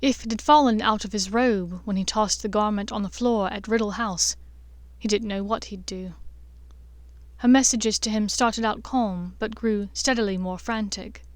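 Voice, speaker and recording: A woman narrating a fan-fiction audiobook in a measured, expressive reading. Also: mid-range voice, no echo.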